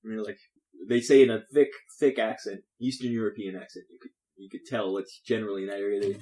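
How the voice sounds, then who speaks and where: A man's voice: on the low side, steady tone, fast, mellow. Casual man running a tabletop game. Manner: casual, laughs often. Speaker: game master.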